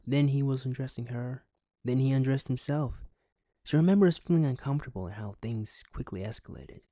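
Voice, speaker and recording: A man with a dark, mellow voice reads a news article aloud in a close, dry recording. He keeps stopping to add sarcastic, deadpan jokes of his own. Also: mid-range voice, fairly quick, no echo. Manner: sarcastic, deadpan asides between read passages. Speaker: commentary YouTuber. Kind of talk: reading a news article aloud with comic commentary.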